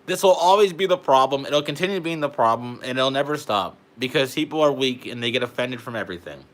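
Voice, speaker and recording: A man's voice: mid-range voice, animated, quick pace. A young man, delivering a heated, profane political rant to camera and peppering his talk with "bro". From Canada. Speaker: vlogger.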